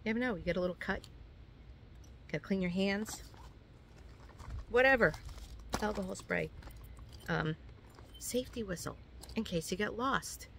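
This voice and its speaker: A woman's voice: medium pitch, normal speed, gravelly, long pauses, a bit bright, slight background noise. A woman with a New York accent chatting casually through her hiking gear, rambling with plenty of ums and uhs. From New York, USA. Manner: chatty, rambling with many fillers. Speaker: hiking vlogger. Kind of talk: casual show-and-tell.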